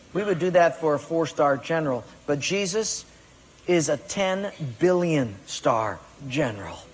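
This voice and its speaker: A man preaching a sermon, emphatic, firing rhetorical questions at his congregation. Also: high voice. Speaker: pastor. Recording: long reverb of a large hall.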